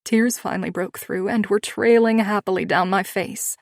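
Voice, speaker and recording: A woman reads a first-person romance audiobook with a measured, expressive delivery. Her voice sits at a middle pitch. The recording is dry and close, with no room sound. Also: gravelly, no echo. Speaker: audiobook narrator. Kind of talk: scripted first-person narration.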